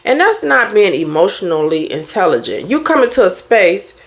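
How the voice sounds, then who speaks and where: Animated, blunt woman giving life advice. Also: medium pitch, moderate pace. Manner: blunt, animated, preachy advice with mimicked quotes. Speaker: therapist and life coach. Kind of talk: casual motivational talk.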